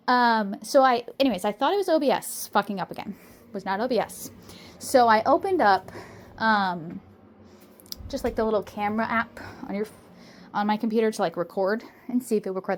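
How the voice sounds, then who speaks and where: A woman's voice: fairly high pitch, brisk. A woman rambling casually in a vlog, slightly out of breath, recorded on her phone at home. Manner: rambling and chatty, often tags "okay?". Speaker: VTuber and artist.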